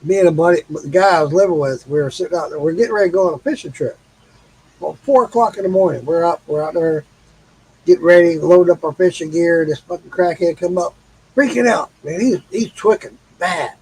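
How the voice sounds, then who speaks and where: A man with a high, husky voice co-hosts a casual livestream. He tells profane stories with a laugh and greets the viewers by name. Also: a little fast, darkish tone, low-quality recording. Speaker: livestream co-host.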